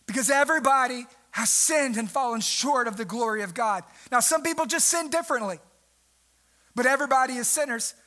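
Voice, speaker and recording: Young male pastor, very high bright voice, lively preaching with sharp jumps in pitch and volume. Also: brisk. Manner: animated preaching, jumps pitch and volume for emphasis, mimics people. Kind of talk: sermon.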